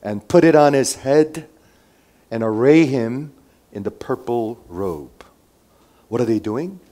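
A man preaching a sermon who moves between loud emphatic lines and quiet asides, and asks his listeners many rhetorical questions. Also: medium pitch, animated, slow. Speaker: pastor.

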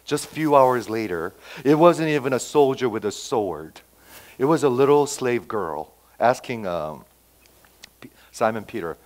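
A man preaching a sermon, acting out quotes and swinging between loud emphatic lines and quiet asides. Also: mid-range voice, lively intonation, measured pace. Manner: acts out quoted dialogue, repeats phrases. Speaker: pastor.

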